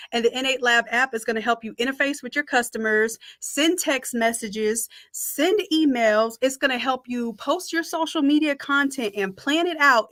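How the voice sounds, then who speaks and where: A chatty woman walks viewers through a design tutorial on a live stream. Her voice sits fairly high and sounds close to the mic. The room around her is dry, with no echo. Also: bright, forceful tone. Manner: chatty, talks to viewers as y'all. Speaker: design instructor.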